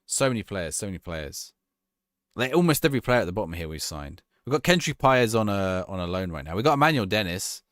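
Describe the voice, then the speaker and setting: A man's voice: fairly low pitch, sing-song, fast, a bit bright, dry recording, studio quality. A man streaming a football management game, chatting casually and answering viewers' questions as he plays. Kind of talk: live-stream gameplay chat.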